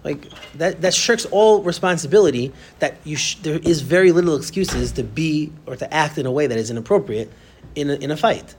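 A man teaching a class of students, talking to them directly in an animated, conversational way. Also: a little high, fairly quick, a little hiss or hum. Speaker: Torah teacher. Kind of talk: classroom lecture.

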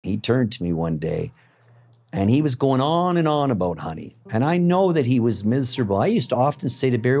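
A middle-aged man giving an emotional personal testimony as an interviewee, blunt and profane, halting often with fillers. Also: mid-range voice, big pitch swings, a little mellow.

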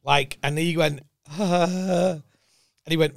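A man, a comedian guest telling animated stories and laughing a lot. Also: on the high side, takes it slowly, creaky, heavy background noise. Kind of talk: casual comedy podcast chat.

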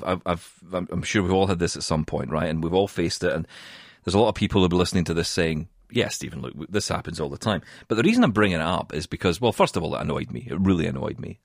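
Low-voiced uk guy telling a funny story on a podcast, super animated, keeps laughing, dry sound. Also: no echo. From United Kingdom. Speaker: podcast co-host. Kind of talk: casual chat.

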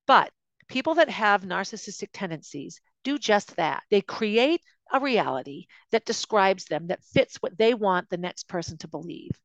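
A woman's voice: mid-range voice, big pitch swings, moderate pace, no room sound, lo-fi sound. A woman hosting a podcast, telling her own life story in an emotional, confiding way that often restarts mid-sentence. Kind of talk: personal storytelling monologue.

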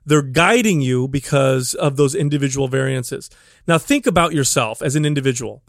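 This is casual podcast chat: a male co-host who works as a fitness trainer lays out his approach in an earnest, explanatory way with many restarts. He talks at normal speed in a mid-range voice, captured as a dry, clean studio recording.

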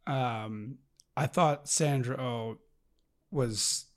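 A man's voice: medium pitch, extremely slow. A man co-hosting a casual movie review podcast, laid-back, laughing often and mocking lines from the film. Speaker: podcast co-host.

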